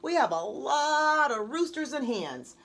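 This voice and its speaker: Easygoing farm boy from the country in a storybook, friendly and unhurried, voiced high, as a woman reads him. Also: very animated, a bit bright, exaggerated voice.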